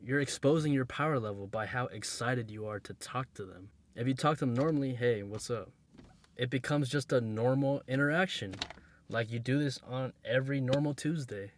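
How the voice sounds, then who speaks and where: Dude giving straight-up dating advice, slangy, blunt, keeps repeating stuff, regular mid voice. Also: male voice, medium pitch, normal speed, a little hiss or hum. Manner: blunt, emphatic, drills points by repetition; slangy, streetwise phrasing. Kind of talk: casual advice monologue to camera.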